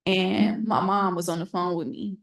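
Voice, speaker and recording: A woman's voice: fairly low pitch, fairly even intonation, normal speed. A young woman on a panel, telling her personal story candidly and earnestly, often acting out what people said to her. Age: young adult. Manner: candid, earnest storytelling that acts out remembered dialogue.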